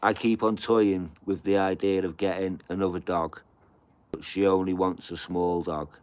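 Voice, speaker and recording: Middle-aged man, deep low voice, loose sweary live-stream patter, rambling home chat. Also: steady tone, moderate pace, darkish tone, smooth. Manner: casual, sweary, repeats fillers like "you know".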